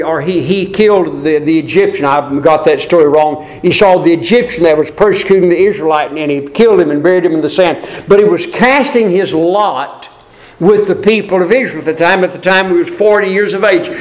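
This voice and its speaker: Emphatic male preacher, fairly high voice. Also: low-quality recording. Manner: emphatic and repetitive, quotes scripture, corrects himself mid-story. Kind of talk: sermon.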